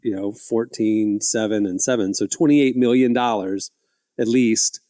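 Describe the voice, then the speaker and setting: A man's voice: fairly low pitch, fairly even intonation, a little slow, dark tone, no echo. Man, podcast host, casual banter, self-deprecating, dry studio mic. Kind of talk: casual chat.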